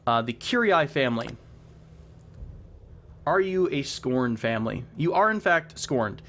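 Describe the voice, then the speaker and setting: A man's voice: mid-range voice, fairly bright tone. A man hosting a let's play, thinking aloud in a rambling way with frequent restarts, recorded at home on a sensitive desk microphone. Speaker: gaming channel host. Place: home room with air conditioner running. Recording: faint air conditioner hum. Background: faint air conditioner hum.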